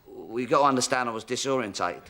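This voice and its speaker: A man's voice: medium pitch, fast, sharp tone, slight background noise. An actor playing a hapless, muddled man who rambles hesitantly, full of ums and restarts, in a sitcom. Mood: sheepish. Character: hapless, muddled adult man, easily flustered. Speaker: pub regular. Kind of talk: sitcom acting.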